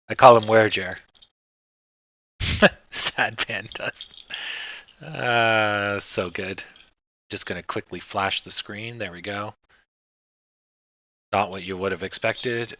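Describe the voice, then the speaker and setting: A man's voice: fairly low pitch, measured pace, long pauses, sharp tone, no echo, highs cut off. A man hosting a stock trading livestream, chatting casually and rambling with lots of fillers, and he swears now and then.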